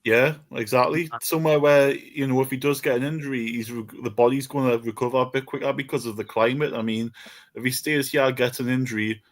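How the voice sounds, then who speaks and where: A man on a podcast panel who talks easily in a relaxed, matey way. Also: medium pitch, brisk. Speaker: panel guest. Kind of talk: casual podcast chat.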